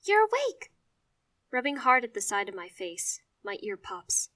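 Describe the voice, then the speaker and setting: Expressive woman narrating a story. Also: mid-range voice, normal speed, no room sound, recorded from a distance. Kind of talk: first-person story narration.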